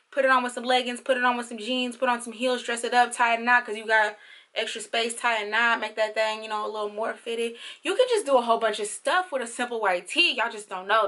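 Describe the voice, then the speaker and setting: A bright, lively young woman talks her viewers through a try-on haul in a playful, slangy way. Her voice sits a bit high and pops up into sudden squeals when she gets excited. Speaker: fashion vlogger. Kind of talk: casual try-on haul chat.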